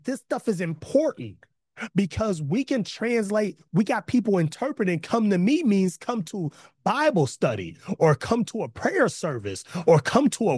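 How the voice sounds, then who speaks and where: Animated preacher man, dry close mic. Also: high-pitched, no room sound. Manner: energetic, building to emphatic repetition; conversational slang, self-interrupting asides. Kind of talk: online sermon with chat interaction. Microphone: close mic, video call.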